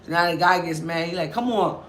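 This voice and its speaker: A woman's voice: fairly low pitch, fast, a little hiss or hum. A woman vlogger telling a story casually and with lots of energy, acting out other people's voices and swearing freely. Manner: animated, acts out others' voices, profane.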